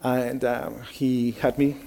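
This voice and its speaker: Chatty preacher man, mellow voice. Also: mid-range voice, flat delivery, slow. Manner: conversational storytelling, many fillers, asks the audience questions. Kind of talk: sermon.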